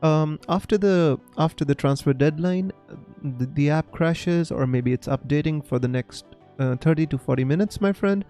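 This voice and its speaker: A man's voice: a little high, warm tone, faint music behind. Indian man chatting on a live stream. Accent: Indian English. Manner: chatty, halting, many fillers, reads viewer comments aloud. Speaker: fantasy football streamer. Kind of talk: casual live-stream chat.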